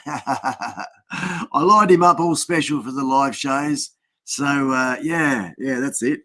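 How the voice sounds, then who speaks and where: An Australian man with a mid-range voice hosts a casual live stream, speaking slowly in a bright, forceful tone. He rambles as he chats and greets viewers by name, picked up by a built-in webcam mic.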